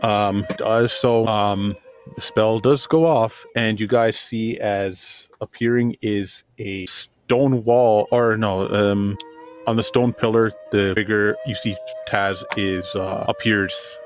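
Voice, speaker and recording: A man's voice: lowish voice, fairly even intonation, slow pace. A man narrating a tabletop game as game master, loose and rambling with many fillers.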